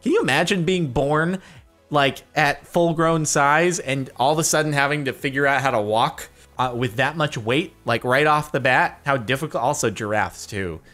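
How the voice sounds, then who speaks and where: A man's voice: a little high, moderate pace, fairly bright tone, faint music behind. A man giving casual, rambling, joking commentary while reacting to videos. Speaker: vlogger.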